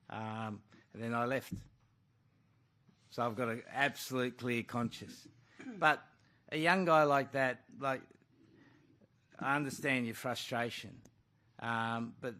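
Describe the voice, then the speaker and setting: A man's voice: mid-range voice, a bit bright. A man, a rugby coach, answering questions bluntly at a press conference and calling the questioner mate.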